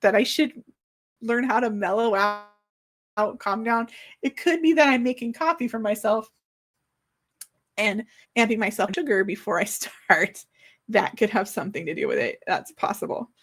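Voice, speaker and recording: A chatty woman in her forties hosts a livestream for her new book. Her voice sits on the high side and bubbles with eager excitement. She rambles happily in the easy tone of a casual stream. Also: normal speed, long pauses. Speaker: author hosting a book launch livestream.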